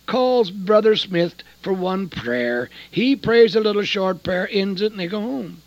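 An older man preaching a folksy sermon, swinging between hushed, near-whispered lines and sudden loud bursts. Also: sits high, very animated, unhurried, no room sound, dull audio.

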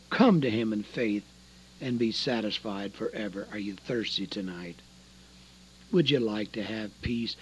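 A man preaching a radio sermon, swinging dramatically between loud calls and hushed words. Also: sits high, dull audio.

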